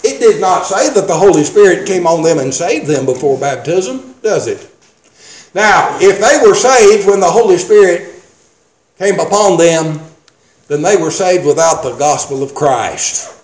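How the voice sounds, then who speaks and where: A man with a high-pitched voice delivers an emphatic sermon, stopping to read scripture aloud. He drives each point home with rhetorical questions. The sound carries a roomy echo. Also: lively intonation, unhurried, darkish tone. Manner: emphatic, reads scripture in King James wording, asks rhetorical questions. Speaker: preacher.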